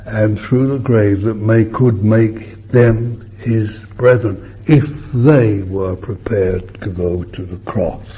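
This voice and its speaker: An older man preaching a sermon, swinging between loud emphatic bursts and soft hushed asides, on a muffled old recording with faint hiss. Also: on the low side, fairly even intonation, slow pace, few pauses, husky.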